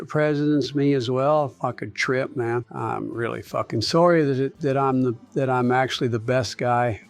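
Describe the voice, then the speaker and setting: A man's voice: medium pitch, close to an everyday voice. A man voicing a confused, rambling old male politician who mumbles, meanders and swears.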